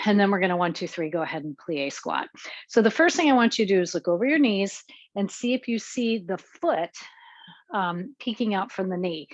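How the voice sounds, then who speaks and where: A woman's voice: medium pitch, no echo, highs cut off. Woman cueing an exercise class. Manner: cueing moves while exercising, counting reps. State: slightly out of breath. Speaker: fitness instructor.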